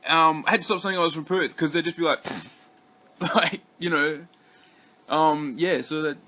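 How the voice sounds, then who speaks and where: A man's voice: on the high side, steady tone, normal speed, pushed and bright. A young Australian man from Western Australia vlogging in a loose, rambling way, cursing a lot and restarting his sentences. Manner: rambling, heavy swearing, many restarts and fillers. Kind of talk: casual rambling vlog chat.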